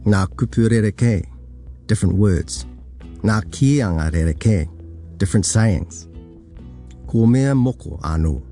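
A man narrating a podcast in a calm, measured, scripted way, explaining terms as he goes. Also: lowish voice, soft background music.

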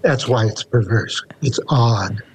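A man's voice: mid-range voice, takes it slowly, husky. A man in his seventies with a Canadian accent, a poet speaking in an interview in a reflective, wry way and reading his own verse. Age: 70s. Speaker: poet guest. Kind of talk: casual interview and poetry reading.

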